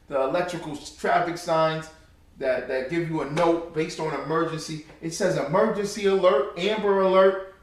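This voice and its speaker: A man's voice: fairly high pitch, fairly bright tone. A man preaching with fiery, mocking commentary, his voice distant from the mic in a very echoey space. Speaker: religious teacher.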